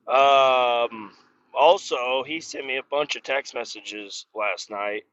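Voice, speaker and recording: A man's voice: mid-range voice, slow pace, fairly bright tone, muffled recording, slight background noise. A man hosting a podcast, griping and swearing casually about his job while driving in his car. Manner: profane, exasperated griping. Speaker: podcast host. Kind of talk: casual solo rant.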